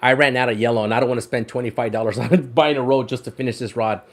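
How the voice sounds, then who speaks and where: A man's voice: medium pitch, fairly even intonation, fast. A man hosting a fishing livestream in casual chat, showing off his rod wraps, often repeating words and laughing.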